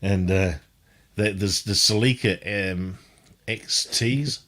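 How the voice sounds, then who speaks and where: A man's voice: lowish voice, slow pace, fairly bright tone. A man in casual chat telling a laid-back story.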